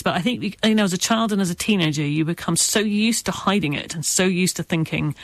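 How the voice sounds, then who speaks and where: A middle-aged man from Wales, an author answering interview questions in a careful, measured way with a slight stammer. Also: high voice, vocal fry, a bit bright, no room sound. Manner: careful, measured speech with occasional stammer and light laughs. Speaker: author guest.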